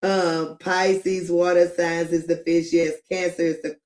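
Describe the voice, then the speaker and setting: A woman's voice: on the low side, level tone, a little mellow. A middle-aged woman hosting a live commentary stream, talking emphatically and drawing out words, with frequent laughs. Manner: emphatic, drawn-out, laughs often.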